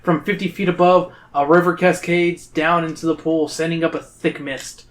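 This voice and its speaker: On a comedy podcast, a male host reads a choose-your-path gamebook aloud to friends, adding dramatic, playful emphasis. His voice sits a little high, and he keeps a moderate pace with fairly even intonation.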